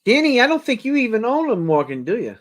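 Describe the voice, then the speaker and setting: A middle-aged man with a very high, very animated voice talks fast while hosting a coin auction. He tells rambling anecdotes to a live audience, chuckling as he goes, in a casual storytelling style.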